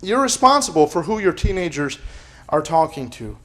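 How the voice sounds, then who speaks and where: Pastor guy preaching in church, kinda high voice, punchy, lots of questions to the crowd. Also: big pitch swings, normal speed, a bit bright. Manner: emphatic, asks rhetorical questions. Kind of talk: sermon.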